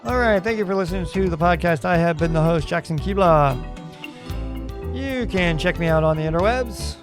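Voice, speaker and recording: A man's voice: sits high, normal speed, music in the background. A man hosting his own podcast, telling stories in a rambling, wry, casual way. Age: adult parent. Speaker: podcast host. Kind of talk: casual solo podcast chat.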